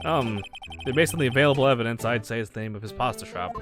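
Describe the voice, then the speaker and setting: A woman voicing an earnest young male defense attorney in a lowered, steady, slightly hesitant tone. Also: fast, over music. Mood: reasoning.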